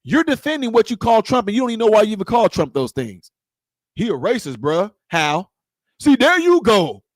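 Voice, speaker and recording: A man's voice: high voice, big pitch swings, normal speed, dry recording, studio quality. A man delivering a confrontational political rant to camera, repeating his points and firing rhetorical questions. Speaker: political commentator.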